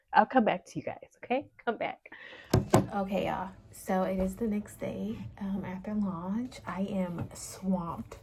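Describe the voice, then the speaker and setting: A woman who runs a small business, talking casually and emotionally to her vlog audience, sometimes teary and soft. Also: medium pitch, takes it slowly, heavy background noise. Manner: emotional, teary, talks softly at times. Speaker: small business owner vlogger. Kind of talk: casual vlog talk to camera.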